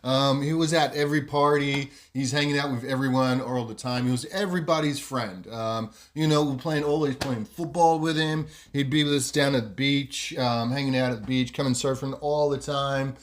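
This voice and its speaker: A man's voice: mid-range voice, steady tone, normal speed, hardly any pauses. A man hosting a podcast, telling a story casually and rambling with lots of fillers. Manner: rambling, many fillers and "you know". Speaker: podcast host.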